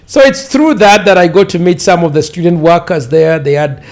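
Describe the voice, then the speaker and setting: A Ugandan-accented pastor in his fifties recounts his life story in an interview, rambling and repeating words for emphasis. His voice sits high and is a little mellow, and he speaks briskly.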